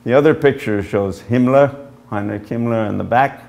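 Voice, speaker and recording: A man, an author, giving an illustrated history lecture with measured storytelling and frequent pauses as he points to slides. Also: medium pitch, vocal fry, darkish tone. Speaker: author giving a book talk.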